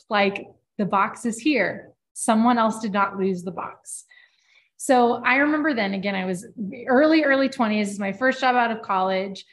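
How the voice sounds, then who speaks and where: A woman co-hosting a podcast, telling a personal work story in a casual, lively way with many filler words. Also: mid-range voice. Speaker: podcast co-host.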